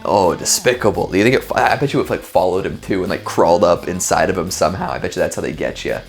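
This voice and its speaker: A man's voice: deep voice, fast talker, creaky, faint music behind. A man hosting a casual video, reacting to clips with lots of fillers and laughter. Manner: chatty, laughs often, filler-heavy. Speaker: host.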